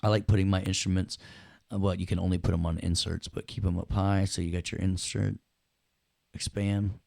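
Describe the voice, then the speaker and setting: A deep, gravelly man walks students through audio software in a loose, chatty lesson. He jokes and checks in with the class as he goes. The sound is dry and close. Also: flat delivery, fairly quick, dry recording. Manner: chatty, jokey, addresses students directly. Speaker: audio production instructor. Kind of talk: casual screen-share software lesson.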